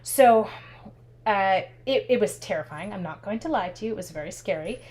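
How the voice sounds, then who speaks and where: A chatty, animated Canadian woman leads a casual craft tutorial, telling stories while working with her hands. Her voice is mid-range and she speaks at normal speed.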